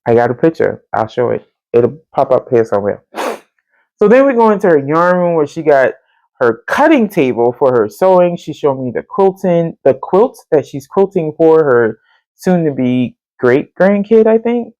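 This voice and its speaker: A woman, hosting a podcast and telling a story in casual chat, animated and chatty, often jumping into a high voice to quote people. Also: moderate pace, dry recording, muffled recording. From Central Texas. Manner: colloquial and chatty, addresses listeners as y'all. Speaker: podcast host.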